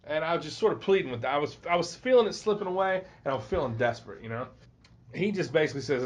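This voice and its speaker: A man's voice: medium pitch, expressive, quick pace. A man hosting a podcast, telling a story in a casual, profane way and acting out what people said. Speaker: podcast host. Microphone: phone. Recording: dull lo-fi phone recording.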